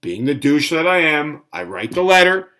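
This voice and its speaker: A man's voice: a little high, big pitch swings, normal speed, bright, forceful tone. Sarcastic middle-aged man ranting. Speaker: fitness vlogger. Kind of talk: casual ranting cooking vlog. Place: home kitchen.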